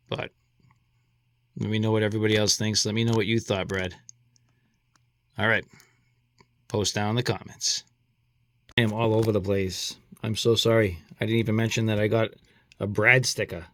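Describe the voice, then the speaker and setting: A man's voice: fairly low pitch, a bit bright, no echo. A man with a Boston accent, casually talking through a coin review, chatty and rambling with apologetic asides. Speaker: coin collector vlogger.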